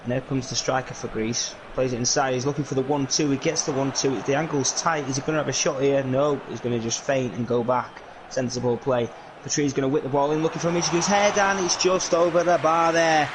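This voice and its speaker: A man's voice: medium pitch, fast, background noise. Man doing video game commentary. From England. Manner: lively, filler-heavy play-by-play. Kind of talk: solo play-by-play commentary.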